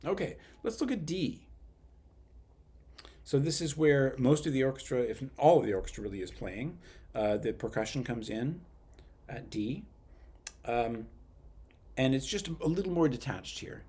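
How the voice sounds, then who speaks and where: A man leading a youth orchestra rehearsal, explaining phrasing and singing rhythms on nonsense syllables, with relaxed, hesitant phrasing full of fillers. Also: mid-range voice, unhurried, vocal fry, slightly rough. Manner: sings rhythms with syllables to demonstrate. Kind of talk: rehearsal instruction. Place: online rehearsal.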